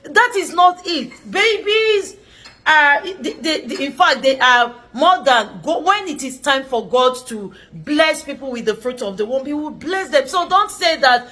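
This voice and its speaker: A woman's voice: sits high, animated, measured pace, bright, forceful tone. A middle-aged woman vlogger telling a personal story, earnest and emphatic, repeating phrases for stress.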